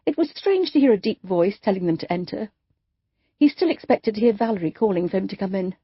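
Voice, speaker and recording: A woman's voice: medium pitch, animated, fairly quick, husky, no room sound, muffled recording. A woman narrating an audiobook, reading the dialogue with light shifts for each character. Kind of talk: scripted narration.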